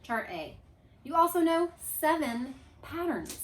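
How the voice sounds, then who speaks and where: A woman teacher's high voice moves a little slowly as she coaxes her class through a grammar review, lively and leading chants. The recording is from an echoey classroom with a board.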